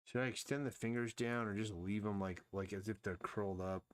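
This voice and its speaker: A man with a fairly low voice talks his way through a drawing session on a live stream. He rambles and restarts his sentences as he works, keeping it loose and casual. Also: fairly even intonation, fairly quick. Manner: rambling, thinks aloud, frequent restarts.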